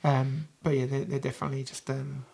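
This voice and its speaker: Kiwi guy gming, gravelly voice, rambly, lots of ums. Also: medium pitch, completely flat delivery, a little fast, a little mellow. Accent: New Zealand. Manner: rambling, many ums and restarts. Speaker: game master. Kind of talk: narrating a tabletop game.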